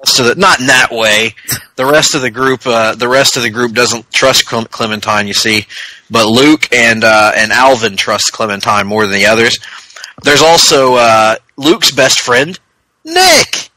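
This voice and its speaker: A man's voice: mid-range voice, moderate pace, bright, forceful tone, poor audio. A man co-hosting a podcast in casual chat, joking and laughing a lot. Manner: jokey, breaks into sung lines and laughs. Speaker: podcast co-host.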